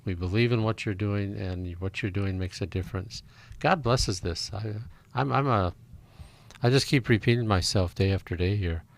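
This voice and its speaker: A fairly low-pitched man speaks on a live radio program, making an earnest appeal. He rambles a little and fills pauses with uh. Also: gravelly. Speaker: radio co-host.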